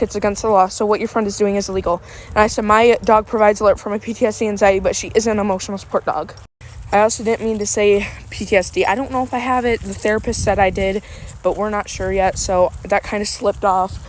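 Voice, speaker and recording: A woman's voice: medium pitch, rough recording. A woman reading comments aloud and rebutting them indignantly while out walking her dog, out of breath. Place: outdoors on a street walk. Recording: faint street noise, passing cars.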